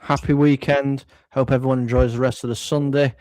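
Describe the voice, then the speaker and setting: A man's voice: mid-range voice, little pitch movement, brisk, darkish tone, dry recording. A man co-hosting a football fan podcast, giving a brief cheerful sign-off. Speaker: podcast co-host. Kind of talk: casual football fan chat.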